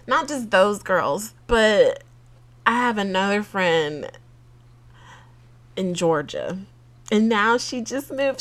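A woman hosting a solo podcast in an easy, unhurried voice of middle pitch. She is openly emotional and chatty, laughing between thoughts and talking straight to her listeners. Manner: chatty and openly emotional, fighting back tears. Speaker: podcast host. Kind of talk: casual solo podcast chat.

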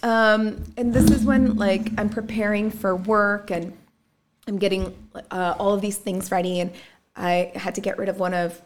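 Blunt, animated woman telling a story. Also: medium pitch, normal speed, a little hiss or hum. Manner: animated, blunt storytelling with swearing and quoted voices. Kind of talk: casual chat.

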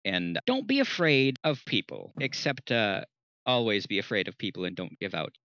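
A man's voice: on the low side, sing-song, normal speed, pushed and bright, dry recording. A man co-hosting a casual group podcast, joking around and bantering with the others. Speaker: podcast co-host. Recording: dull lo-fi sound.

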